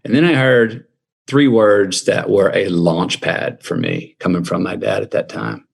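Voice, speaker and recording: A guest on a podcast interview, this middle-aged man has a low, gravelly, slightly rough voice that's animated yet measured in pace. He drawls through a personal story reflectively, performing quoted voices along the way.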